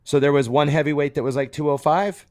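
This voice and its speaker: A man's voice: a little high, fairly even intonation, fast talker, a little mellow, no room sound, clean studio sound. A middle-aged man co-hosting a podcast, telling a story in casual chat and acting out his past thoughts with animation. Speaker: podcast co-host.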